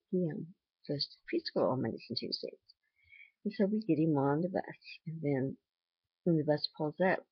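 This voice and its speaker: Gravelly grandma vlogging at home. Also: female voice, deep voice, no room sound, lo-fi sound. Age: older. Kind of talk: casual vlog talk.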